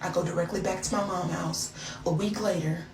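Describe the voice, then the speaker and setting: A woman telling a personal story in a dramatic, animated way, acting out what people said. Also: brisk. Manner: dramatic, acts out quotes in big high voices. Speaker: storyteller in a reacted clip. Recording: echoey room, mic at a distance, noisy.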